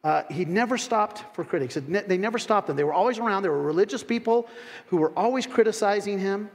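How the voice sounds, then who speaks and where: A man preaching a sermon in a church. He is animated, acts out the voices of critics with sudden loud, high rises, and drops in folksy asides and laughs. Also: fast talker. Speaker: pastor. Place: church sanctuary. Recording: long hall reverb.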